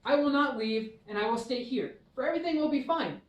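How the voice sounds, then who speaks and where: A woman's voice: sits high, expressive, brisk. A woman voicing a stubborn, fearful male pond turtle who clings to his home, insistent at first and then plaintive, in a children's story. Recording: echoey hall, mic far off.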